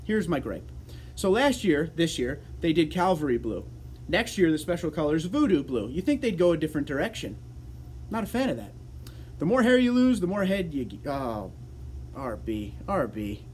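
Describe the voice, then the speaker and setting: A chatty man hosting a casual livestream, reading out viewer comments and answering them one by one. His voice sits a little high, and he talks easily and jokes often. Faint background noise sits under the voice. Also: big pitch swings, moderate pace, darkish tone. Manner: chatty, joking, easygoing. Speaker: livestream host.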